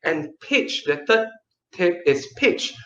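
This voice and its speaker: A man teaching an online kids' storytelling class, lively and playful, with dramatic pauses. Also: high-pitched, roomy sound, muffled recording.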